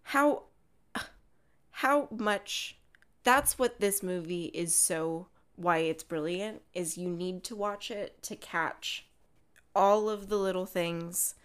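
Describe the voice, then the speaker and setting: Woman podcast co-host, low voice, unhurried film chat, acts out scene quotes. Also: fairly bright tone, smooth. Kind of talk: casual chat about a film.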